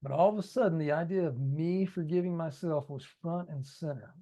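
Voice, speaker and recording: A man's voice: a little high, a little fast, mellow. Man reading his own book, chatty. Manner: conversational, talks straight to listeners. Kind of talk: audiobook narration with ad-libbed asides.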